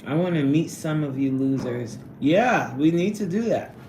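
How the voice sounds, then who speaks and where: A woman chats casually with her viewers, her voice leaping up high whenever something amuses her. She laughs often and talks in an animated way. A faint hum sits behind her voice. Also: moderate pace, reverberant. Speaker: livestream host reading chat. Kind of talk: casual chat. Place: at her workplace on a lunch break.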